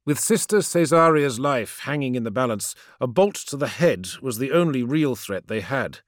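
A man giving dramatic, expressive audiobook narration. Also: mid-range voice, normal speed, dry recording, clean studio sound. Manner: expressive storytelling.

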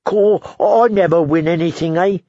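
A mournful young soldier with a raised, gravelly voice that rasps a little, croaking "caw" and "eh" as he grumbles in a flat, deadpan way, as a male narrator puts him on. It comes across as a dry, slightly dull audiobook recording. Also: high-pitched, moderate pace, no room sound, voice pushed up. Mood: glum deadpan.

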